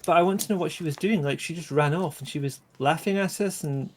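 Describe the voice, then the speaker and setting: A man playing in a tabletop role-play game, talking in a quick, rambling way with restarts. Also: on the high side. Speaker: player.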